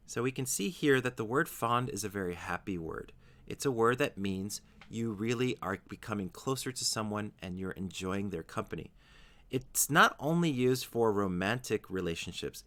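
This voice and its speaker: A man with a fairly low voice gives a scripted English vocabulary lesson. His pitch rises and falls a great deal as he explains. He slows down on each example word so it comes through clearly. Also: fairly bright tone. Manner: slow, careful pronunciation of example words. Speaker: English teacher.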